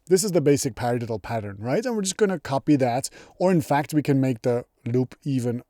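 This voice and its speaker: A man's voice: mid-range voice, expressive, brisk, few pauses, dark tone, no room sound, clean studio sound. A man teaching music production in a casual, chatty tutorial, upbeat and enthusiastic. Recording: music playing behind.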